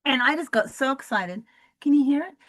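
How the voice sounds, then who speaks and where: A woman hosting a solo wrestling review podcast, excitable and profane, swinging from loud bursts to low mutters, her voice going hoarse. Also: brisk, dry recording. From Southern Hemisphere. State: losing her voice. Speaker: podcast host.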